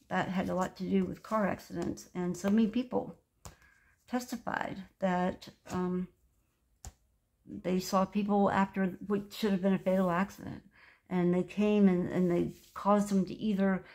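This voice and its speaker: A woman's voice: medium pitch, a little mellow. Lady in her 60s showing off her craft journal, gushy and rambly, just chatting along. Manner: gushing, chatty, meandering. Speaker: craft vlogger. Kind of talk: casual craft show-and-tell.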